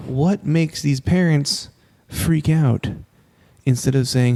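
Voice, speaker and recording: A man's voice: medium pitch, slow pace, creaky, dark tone. A young adult man co-hosting a casual podcast chat, telling stories animatedly and swearing often. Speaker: podcast co-host.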